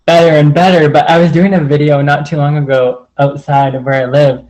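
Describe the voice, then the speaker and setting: A man's voice: on the high side, little pitch movement, brisk, darkish tone, poor audio. A man sharing personal stories in a casual, earnest way, rambling and leaning on the filler "like" over and over. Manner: rambling, heavy use of "like" fillers; earnest and open.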